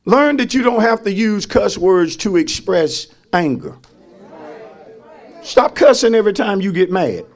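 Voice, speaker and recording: Animated preaching pastor, man. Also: high-pitched, unhurried. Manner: call-and-response preaching, shouted peaks. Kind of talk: sermon.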